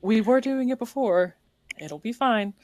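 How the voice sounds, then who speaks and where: A woman's voice: fairly high pitch, unhurried, a little mellow, dry recording. A woman running a tabletop game, switching between narration and a teasing in-character voice. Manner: teasing, laughing often. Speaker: game master.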